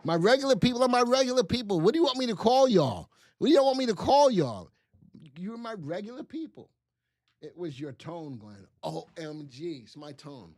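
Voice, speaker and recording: A man hosting a live stock market stream, bantering with chat and spelling out ticker symbols in an excitable, teasing way. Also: high voice, normal speed, dry recording.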